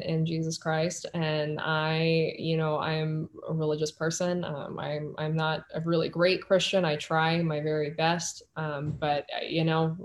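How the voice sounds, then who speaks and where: A young woman speaking earnestly in a podcast conversation over a video call, halting and restarting as she talks. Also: low-pitched. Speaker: guest, author and model.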